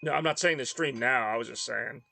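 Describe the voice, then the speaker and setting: Tired guy streaming a kart game, gravelly bright voice, rambles and puts himself down, faint game music behind. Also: mid-range voice, a little fast. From Northeast US. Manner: rambling, self-deprecating, mumbly asides. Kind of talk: casual gameplay stream chat.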